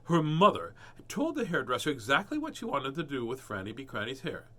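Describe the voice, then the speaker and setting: A man's voice: mid-range voice, huge pitch swings, a little fast, fairly bright tone. Playful man reading a picture book. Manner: playful, joking asides, voices characters. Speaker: storybook reader.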